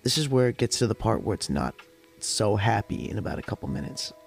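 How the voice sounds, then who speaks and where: Faint lo-fi jazz hop plays behind a young podcast host telling a long story at home during a smoke session. His gravelly, fairly low voice swings widely in pitch and moves briskly, and his casual storytelling rambles along with plenty of cursing.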